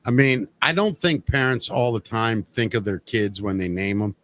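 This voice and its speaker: A man's voice: fairly low pitch, normal speed, fairly bright tone. A man hosting a podcast in casual chat, blunt and jokey. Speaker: podcast host.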